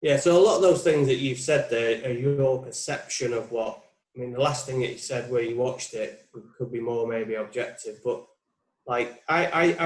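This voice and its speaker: A man in his forties, a putting coach being interviewed, talking casually and reflectively, thinking aloud with frequent restarts. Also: medium pitch. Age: 40s. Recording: roomy, echoey sound.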